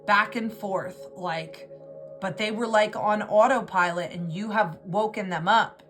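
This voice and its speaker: A woman's voice: medium pitch, measured pace, fairly bright tone, faint music behind. A woman giving an intuitive tarot reading, talking in an emotional, rambling way and often restarting her words. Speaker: tarot reader.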